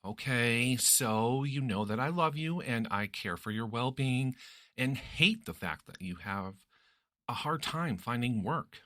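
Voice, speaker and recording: A man's voice: lively intonation, unhurried, fairly bright tone, no echo, clean studio sound. A man voicing a cheerful, meddling young woman friend in a teasing, bubbly way. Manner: teasing, bubbly, raises pitch.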